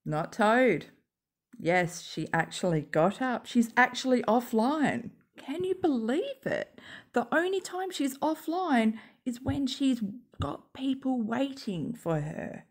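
A woman with a croaky voice rambling sarcastically at home while smoking, as a YouTube commentator. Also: on the high side, lively intonation, takes it slowly. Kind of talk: rambling casual monologue.

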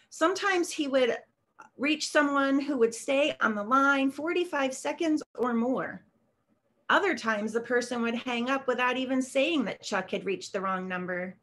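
A woman author reading her own short story aloud in a measured, steady way on a video call. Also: sits high. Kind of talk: literary reading.

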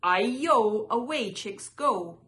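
A woman voicing a cheeky, excitable runaway rice cake that calls out in shrill, taunting cries. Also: slow pace, a little hiss or hum.

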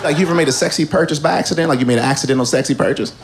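A man doing a stand-up comedy set, animated and rambling, with crude punchlines. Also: on the high side, racing, crowd noise.

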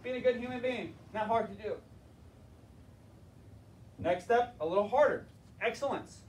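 A male teacher giving a classroom lecture on leadership and telling stories in an animated, emphatic way. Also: fairly high pitch. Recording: roomy, distant mic, faint noise.

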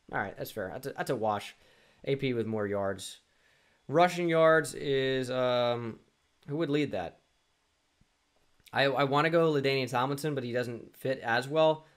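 A young man at a desk mic, talking to himself as he plays through a quiz. His voice sits in an ordinary middle pitch, and he mutters, restarts and teases himself about his own misses. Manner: muttering, self-deprecating, thinking aloud with frequent restarts. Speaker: gaming YouTuber. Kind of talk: casual self-talk while playing a sports quiz.

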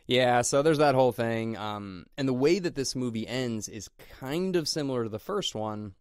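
A man's voice: medium pitch, lively intonation, normal speed, darkish tone, clean tone, no echo, clean studio sound. A man co-hosting a podcast, chatting casually about a horror film with lots of fillers and restarts. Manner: rambling, many fillers and restarts. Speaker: podcast co-host. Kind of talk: casual movie review chat.

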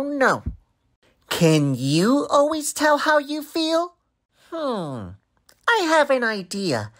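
A woman performs a full character voice as a cheerful young cartoon boy, fairly high in pitch, narrating a social story and asking the watching children questions in a bright, sing-song, exaggerated style.

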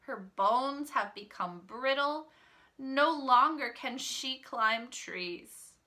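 A storybook wolf pretending to be a feeble old grandmother, put on by a woman reading aloud. The voice drags slowly and pleads in a wheedling tone, with a bright, tense edge. It sits a touch above her own pitch. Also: animated, exaggerated voice. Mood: frail pleading. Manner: slow, frail, wheedling. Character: sly male wolf posing as old grandmother.

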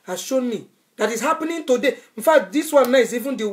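A woman's voice: a little high, expressive, brisk. A woman evangelist delivers a sermon with fervour. She repeats phrases again and again for emphasis, pressing her warnings on the listener. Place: Europe.

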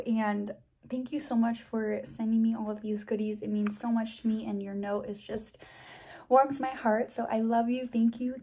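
A young woman vlogger chatting to camera, gushing with excitement and thanks as she opens gifts. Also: a little high, slight background noise. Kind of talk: casual chat to camera.

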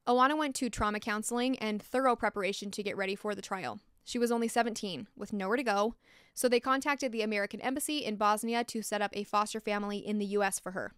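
A woman's voice: mid-range voice, quick pace, fairly bright tone, clear, resonant tone, no echo, studio quality. A woman hosting a true crime podcast, telling the story in a blunt, passionate way and swearing when angry. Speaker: podcast host.

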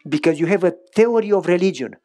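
A man voicing his old grandfather, a carpenter, speaking gently and lower than his usual voice. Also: animated, fast. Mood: gentle rebuke. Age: older.

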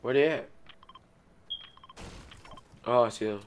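Hoarse, coughing man calling out in game. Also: mid-range voice. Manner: quick short callouts, easygoing. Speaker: gamer. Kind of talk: casual gaming chat with a teammate.

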